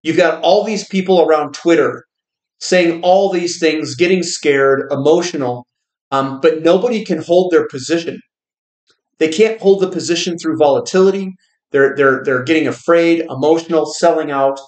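A man hosting a finance channel, giving casual market commentary in a quick, rambling way with frequent restarts. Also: fairly high pitch, a little mellow. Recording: roomy echo.

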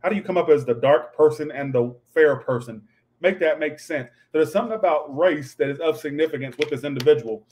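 A man's voice: on the high side, a little fast, darkish tone. A man doing a casual livestream tarot reading, talking in a snappy, profane, ranting way. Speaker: tarot reader.

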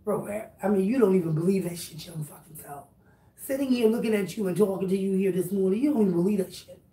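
A woman's voice: mid-range voice, quick pace, dark tone. Blunt, profane woman lecturing, echoey room. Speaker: YouTuber. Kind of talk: direct-address rant vlog. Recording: roomy echo, distant mic, faint noise.

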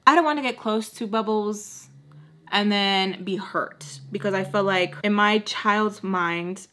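A young woman telling a storytime at home while doing her makeup. She talks in a chatty, animated way, leans on "like," and repeats phrases for emphasis. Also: mid-range voice, moderate pace. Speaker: storytime vlogger. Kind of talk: casual storytime chat.

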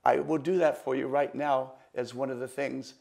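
An older man, a magician, telling stories and walking through a card trick, lively and repeating words. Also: medium pitch, moderate pace, gravelly. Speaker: magician, interview guest. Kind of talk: storytelling and card demonstration.

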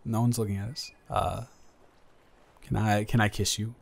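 A young man playing his best friend's earnest older brother in an improvised romantic audio roleplay, speaking haltingly with many restarts. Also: lowish voice, little pitch movement, gravelly. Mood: shy. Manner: halting, hesitant, frequent restarts.

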